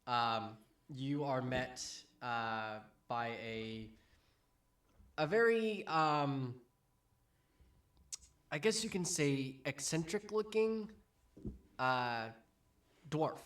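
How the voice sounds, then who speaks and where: Game master, male: slow, hesitant scene-setting narration for a tabletop game. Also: mid-range voice, expressive, a bit bright. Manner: hesitant, many ums and restarts.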